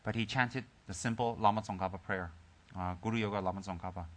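Man teaching Dharma, bright forceful voice. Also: lowish voice, fast. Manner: joking banter then calm, soft storytelling. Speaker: Buddhist teacher.

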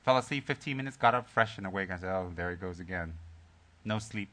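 A Buddhist teacher with a low-sitting voice gives a Dharma teaching to his group. He jokes at first, then tells a story calmly and softly, with many pauses and restarts.

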